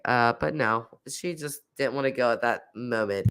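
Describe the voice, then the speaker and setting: A woman's voice: very deep voice, normal speed, a bit bright. A woman in her thirties, nasal and congested from a cold, chatting casually on a live stream and reading out viewer comments. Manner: coughing; chatty, laughs often, many fillers.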